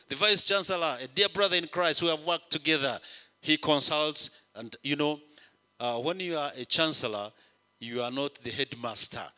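A man preaching a sermon as a bishop, with a rhythmic, repetitive cadence that rises for emphasis and drops to a hush. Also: on the high side. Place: chapel. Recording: long chapel reverb.

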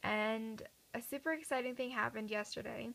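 A teenage girl vlogging at home at night, chatty and earnest, her voice a little raspy from talking a lot. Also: fairly high pitch, fairly even intonation, normal speed, fairly bright tone, rough recording. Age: teens. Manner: chatty, earnest, many fillers and restarts. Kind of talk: casual chat to camera.

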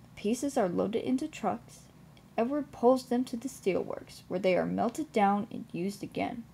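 A young woman in her twenties narrates a children's storybook in a calm, deliberate manner. Her voice is husky and breathy, her pace unhurried, her pitch in the middle.

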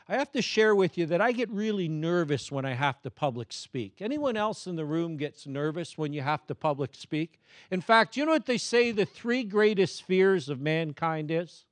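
A middle-aged man speaks with a somewhat higher pitch than most men, delivering an energetic, joking keynote presentation. He keeps prompting the audience to reply. His voice is recorded close and dry, with little room sound. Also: no room sound. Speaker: motivational speaker.

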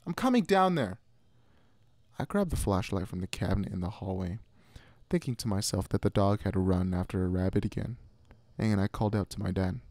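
A man giving a scripted horror story narration in a measured, hushed way. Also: low voice, flat delivery, no room sound.

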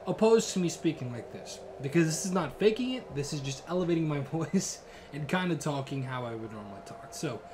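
A man's voice: on the high side, animated, fairly quick, noisy background. Sarcastic rambling young gamer guy. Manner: rambling, sarcastic, heavy filler and swearing. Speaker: gaming YouTuber. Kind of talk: horror game let's play commentary. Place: room in a shared home.

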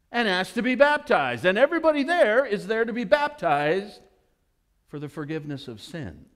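A man's voice: high voice, moderate pace. A male pastor preaching a sermon in a church, asking the congregation questions and acting out the people in the story. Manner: animated, acts out voices of people in the story.

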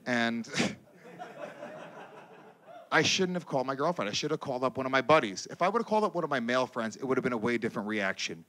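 A man doing a stand-up comedy set on stage, with a loud, animated delivery, profane banter with the crowd and shouted character voices. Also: mid-range voice, quick pace. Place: comedy stage before a live audience.

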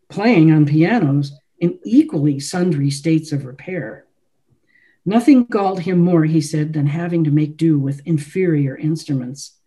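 A woman author reads her own novel aloud. She narrates in the first person, with a mellow, soft tone. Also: sits low.

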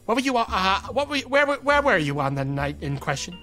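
A streamer doing a brisk deadpan detective. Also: mid-range voice, soft background music. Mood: probing. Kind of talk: reading game dialogue aloud in character.

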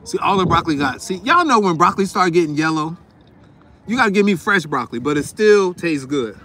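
A high-voiced, chatty vlogger from Newark, New Jersey, talks straight to his viewers in a casual food vlog, chewing as he goes. His delivery is animated, a little fast, pushed and bright, and he sounds slightly sniffly. He's outdoors in a windy parking lot with faint wind noise in the background.

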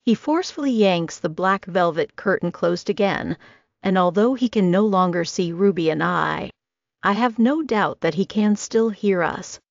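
Gravelly low-voiced woman reading an audiobook. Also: no echo. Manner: steady dramatic reading. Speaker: audiobook narrator. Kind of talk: first-person audiobook narration. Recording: dry, slightly muffled recording.

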